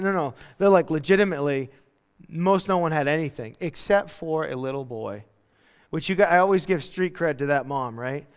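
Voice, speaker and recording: A male pastor preaching a casual, animated sermon, acting out quotes as he goes. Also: on the high side, normal speed, smooth, long reverb tail. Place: church hall.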